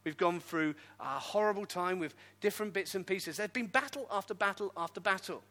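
Animated, bright-voiced male pastor. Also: high voice, a little fast. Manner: animated storytelling with self-deprecating humor. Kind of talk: testimony sermon.

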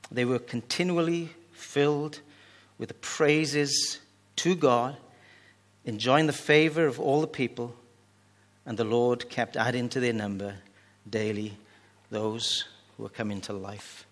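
A man's voice: mid-range voice, steady tone, measured pace. A man preaching a sermon, reading scripture and telling jokey asides in a conversational way. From Wales. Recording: reverberant hall.

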